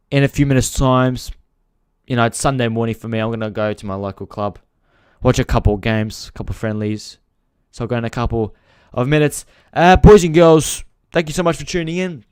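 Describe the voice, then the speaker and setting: A man's voice: mid-range voice, a little fast, smooth, no echo, studio quality. A man hosting a casual live-stream football chat, ranting with frustration, swearing freely and talking straight to his viewers. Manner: frustrated, talks to viewers directly. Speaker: football channel host.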